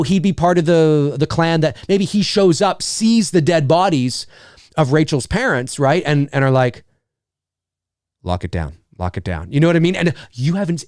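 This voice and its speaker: A middle-aged man with a slightly high voice hosts a live stream, rambling along casually and answering viewer comments. He's animated, swears freely, and acts out quick asides. The audio is studio quality with no echo.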